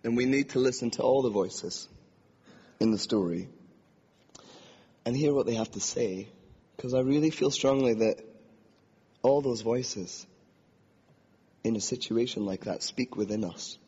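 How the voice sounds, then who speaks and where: A husky man speaks earnestly from behind a podium and gives a reflective personal testimony. His words carry a long reverb across the hall. The recording sounds dull and lo-fi. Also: mid-range voice, unhurried, long pauses, mellow. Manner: earnest and reflective, acts out inner voices. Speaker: preacher.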